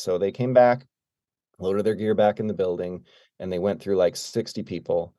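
Low-voiced man telling road stories. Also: moderate pace, no echo. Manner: animated, acts out quoted dialogue. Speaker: guest drummer. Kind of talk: casual storytelling.

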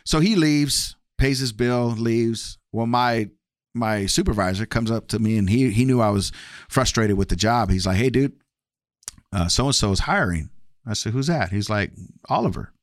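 A man with a mid-range voice talks at a moderate pace; the studio-quality sound has no echo. A guest sharing his testimony, he's candid and casual, playing out past conversations with shifting voices.

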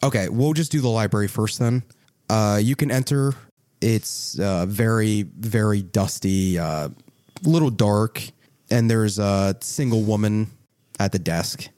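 Low-voiced man running a tabletop game. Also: a little slow, darkish tone, no echo. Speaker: game master.

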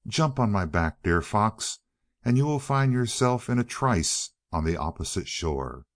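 A man's voice: on the low side, very animated, a little slow, dry recording, studio quality. A man reading a boastful pike. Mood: eager. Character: eager boastful male pike fish.

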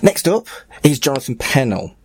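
A man's voice: medium pitch, big pitch swings, moderate pace, loud music behind the voice. A man hosting a podcast, casually thanking guests and introducing the next story. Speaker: podcast host.

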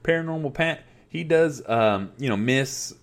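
A middle-aged podcast host records from home on a headset mic at a laptop, delivering a casual monologue. He rants in a frustrated, profane, rambling way, his mid-range voice animated but a little slow.

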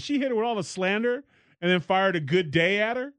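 A man co-hosting a casual talk show, telling stories in an animated way and slipping into high mock voices. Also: fast talker, no echo, studio quality. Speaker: podcast co-host. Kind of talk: casual chat.

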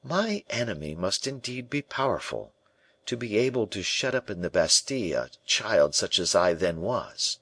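A man's voice: fairly low pitch, sing-song, normal speed, fairly bright tone, husky, no room sound, exaggerated voice. A man reading the part of a proud, earnest young male prisoner who presses with searching, defiant questions.

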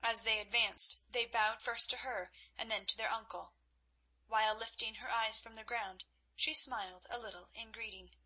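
A woman reads a novel aloud in steady, even narration. Her voice is bright and slightly breathy, a bit higher than average. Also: normal speed, poor audio. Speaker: audiobook narrator. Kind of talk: scripted narration.

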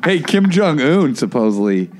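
Giggly man riffing jokes, lively pitch. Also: moderate pace, over music. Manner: laughs often, excited riffing. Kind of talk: riffing comedy chat.

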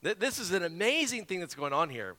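A man from South Carolina, an evangelist preaching a sermon and telling a story with lively, repeated words. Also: high voice, brisk. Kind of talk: sermon with Bible reading. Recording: long hall reverb.

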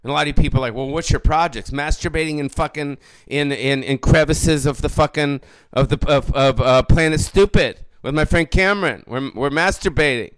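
A man in his late forties ranting on his own podcast, rambling and swearing, with loud bursts of bravado and mumbled trailing fillers. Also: a little high, moderate pace, clean tone, no room sound. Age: 40s. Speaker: podcast host. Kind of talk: profane comedic rant.

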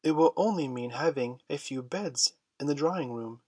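A man's voice: a little high, normal speed, darkish tone, husky, no room sound. A man voicing a motherly young girl. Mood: reassuring.

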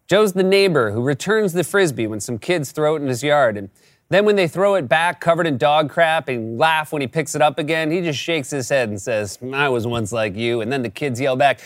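A man's voice: on the high side, dry recording, studio quality. A man hosting a late-night comedy show, delivering a scripted sarcastic monologue.

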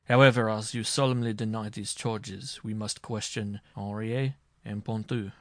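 A man reading aloud and voicing a stern judge who speaks quietly, with measured, ominous calm. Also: lowish voice, dry recording, lightly acted.

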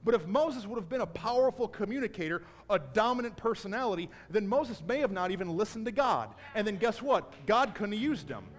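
A man preaching a sermon to a congregation in a church, telling Bible stories and building to a shouted call to action. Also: sits high, expressive, fairly quick, hardly any pauses. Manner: builds from storytelling to shouted exhortation. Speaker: pastor. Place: church sanctuary. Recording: long hall reverb.

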